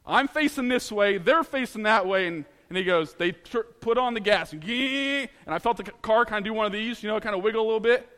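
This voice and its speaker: A man from Ohio telling a personal story in an animated, dramatic way, laughing at himself as he goes. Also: high voice, brisk, few pauses, big-room sound.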